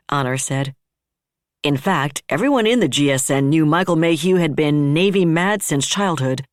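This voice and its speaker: Steady audiobook narrator, dry sound. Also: medium pitch, dry recording. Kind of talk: scripted narration.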